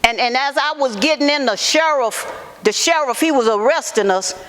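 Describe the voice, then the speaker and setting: An actress playing a woman civil rights activist, giving halting first-person testimony and repeating her words. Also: high voice, fairly bright tone. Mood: solemn. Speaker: actor in museum portrayal. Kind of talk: first-person historical monologue. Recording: echoey hall reverb.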